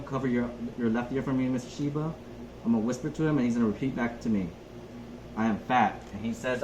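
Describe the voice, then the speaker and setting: Young man narrating a nursing checkup. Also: medium pitch. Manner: methodical step-by-step narration. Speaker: nurse. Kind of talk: narrated skills demonstration. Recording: echoey room, faint background noise.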